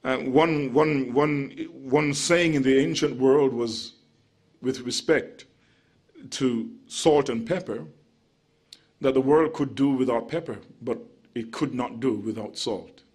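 A man preaching an expository sermon, measured and emphatic, slowing on key words and dropping into relaxed asides. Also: mid-range voice, slightly rough.

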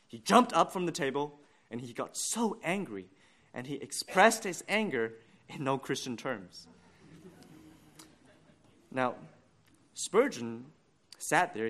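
A man preaching a sermon, earnest and deliberate, building to emphatic points. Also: medium pitch, a bit bright.

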